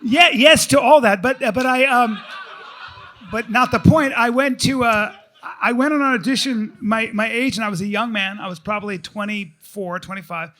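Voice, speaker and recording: High, bright-voiced storytelling man. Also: moderate pace. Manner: animated, profane, laughing storyteller. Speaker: comedian and actor, guest. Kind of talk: live podcast chat, storytelling.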